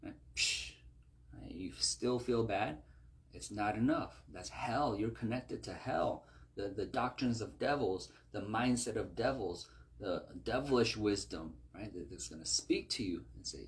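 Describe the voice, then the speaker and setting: A man's voice: fairly low pitch, a little slow. A man preaching a conversational sermon, often asking "right?" as he talks.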